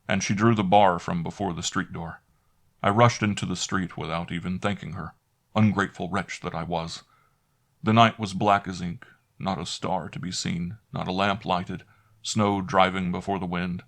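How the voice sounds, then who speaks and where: A man narrating a classic horror story in first person, measured and dramatic. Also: deep voice, creaky.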